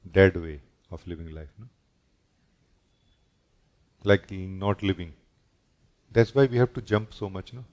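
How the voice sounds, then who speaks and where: In a fairly low voice, a man who teaches spirituality gives a gentle, reflective satsang, regularly tagging his sentences with a questioning "no?".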